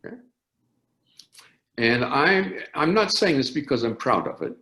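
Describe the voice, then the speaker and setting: An older man, an orchestra conductor, telling animated anecdotes in an interview with frequent restarts. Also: medium pitch, a little slow. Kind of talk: storytelling interview. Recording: roomy echo.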